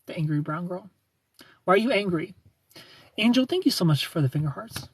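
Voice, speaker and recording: A young man with a Southern US accent hosts a casual livestream, teasing and greeting viewers by name. His voice sits a little higher than most men's. The sound is dry and close, with no room echo. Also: expressive, fairly quick, slightly rough. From United States. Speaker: livestream host. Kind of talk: casual chat with live viewers.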